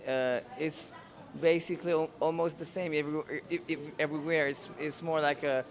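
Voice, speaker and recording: A man in his thirties with a French accent and a voice pitched slightly high. He answers interview questions casually and in a friendly way, taking his time to find the right words in English. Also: fairly even intonation, a little fast. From France. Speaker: singer and pianist.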